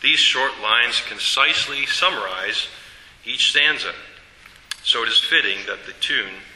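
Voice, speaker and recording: A man teaching a class about a hymn tune, explaining in a measured way with fillers and self-corrections. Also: mid-range voice, sharp tone, roomy sound, big-room sound, low-quality recording. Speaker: teacher presenting a hymn study.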